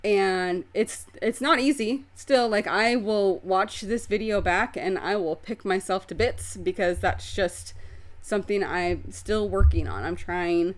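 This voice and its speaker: On her own video podcast, a woman talks candidly and expressively about her life, swearing casually along the way. Her voice is medium in pitch and a little slow.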